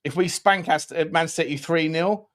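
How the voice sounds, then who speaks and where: A chatty man hosts a casual live-stream football chat, joking with his co-host and reading out viewer messages. His voice sits a little higher than most men's. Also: normal speed. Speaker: podcast host.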